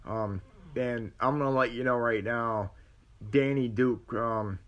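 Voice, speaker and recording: A man with a mid-range voice tells a personal story to the camera as a vlogger, speaking slowly and rambling. He keeps restarting and acts out what other people said through quoted dialogue, and the audio sounds dull.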